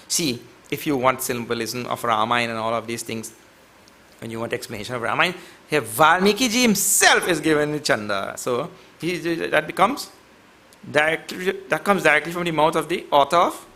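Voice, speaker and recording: A man's voice: fairly high pitch, sharp tone. A man giving a devotional scripture lecture, chanting verses and explaining them with a playful, teasing manner toward his class.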